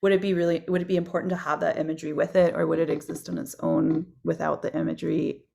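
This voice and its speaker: A woman's voice: low-pitched, little pitch movement, fast talker, gravelly, warm tone, a little hiss or hum. A woman from the gallery interviewing an artist over a video call, asking long, rambling questions with many fillers.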